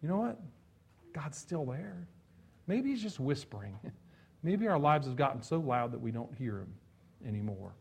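A man preaching a sermon in a conversational way, moving between loud emphasis and soft, hushed passages, with chuckles and asides. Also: medium pitch, expressive, moderate pace, gravelly, long pauses, slightly rough. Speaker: pastor.

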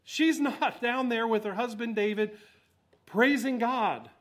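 A man preaching a sermon, swinging between loud exhortation and quiet asides. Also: very high-pitched, takes it slowly. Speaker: pastor.

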